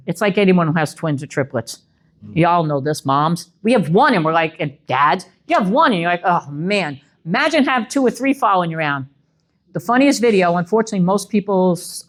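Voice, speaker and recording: A middle-aged woman, an animal control officer giving a humorous wildlife talk and acting out the animals in little voices. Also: lowish voice. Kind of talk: lively public presentation.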